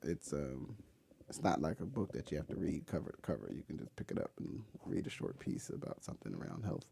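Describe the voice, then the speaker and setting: Deep, gravelly podcast host. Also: male voice, big pitch swings, a little fast, no room sound. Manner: warm, encouraging, teasing. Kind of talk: casual father-son chat.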